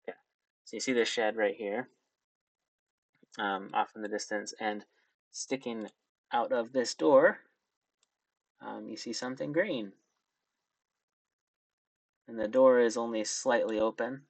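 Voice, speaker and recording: A man narrating a tabletop role-playing game as game master, hesitant and filling pauses with ums. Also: on the low side, creaky, no room sound. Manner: hesitant, lots of ums and restarts.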